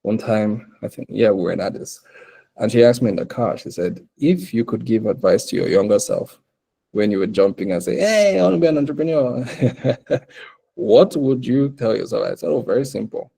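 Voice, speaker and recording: A man from Africa giving a motivational talk to aspiring entrepreneurs at a bootcamp, animated, laughing often and acting out quotes in other voices. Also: lowish voice, normal speed, vocal fry, husky. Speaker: bootcamp speaker.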